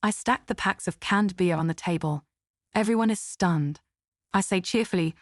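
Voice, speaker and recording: Casual: woman narrator, middle pitch, dry close mic, calm first-person storytelling. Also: normal speed, dry recording.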